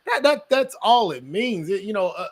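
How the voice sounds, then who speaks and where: A man's voice: high voice, sing-song, moderate pace. A man hosting a casual conversation, often stopping and restarting his sentences.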